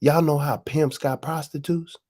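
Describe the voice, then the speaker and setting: A man's voice: on the high side, fairly even intonation, normal speed, mellow. A man hosting his own channel, giving a profane, preachy monologue full of slang and rhetorical questions. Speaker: host. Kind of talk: casual monologue.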